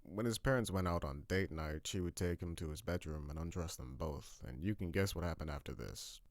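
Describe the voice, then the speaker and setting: A man giving a scripted narration of a horror story with steady, grim storytelling. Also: low-pitched, fairly quick, no room sound.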